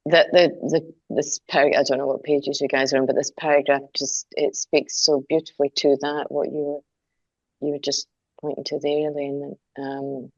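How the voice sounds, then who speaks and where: Woman, low monotone, coach on a dry, dull-sounding call. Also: normal speed, dry recording. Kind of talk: casual group discussion.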